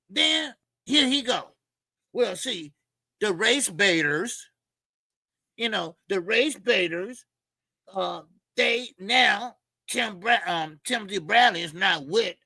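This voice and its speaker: A man with a high, sharp-toned voice, recorded without echo, hosts a boxing channel. His commentary is an opinionated rant: blunt, mocking, profane, padded with fillers, and prone to saying the same things over and over.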